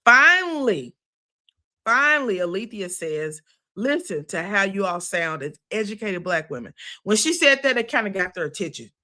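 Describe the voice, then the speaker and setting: A woman's voice: lowish voice, lively intonation, normal speed, sharp tone. A woman giving a chatty, sassy recap of a reality show, full of asides. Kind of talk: casual recap commentary.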